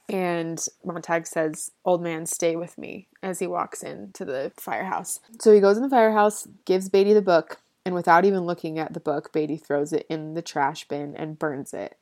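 Woman presenting a chatty book summary, slightly low voice, dry booth-like sound, talks in slang. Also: fairly even intonation, moderate pace, few pauses, a little mellow, no echo. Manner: chatty, slangy retelling with frequent "like".

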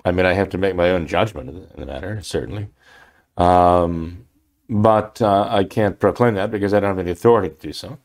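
A man's voice: deep voice, a little fast, a little mellow. An older man, a priest, answering listener questions on a talk program in a hesitant way, with many fillers and restarts.

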